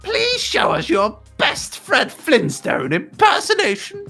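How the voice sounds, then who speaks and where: A grand, delighted queen, as a woman voices her, drawls her praise slowly and grandly. Her voice sits high and swoops with a theatrical lilt. She sounds like a storybook royal gushing from a throne. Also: wildly swooping pitch, bright, forceful tone, soft background music, heavily acted. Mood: gushing, regal.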